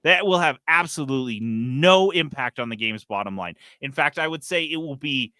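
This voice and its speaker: Casting: male podcast host, bright tense tone, dry close mic, animated rants. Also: mid-range voice, moderate pace, dry recording. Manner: animated, swearing, ranting. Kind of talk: casual gaming news chat.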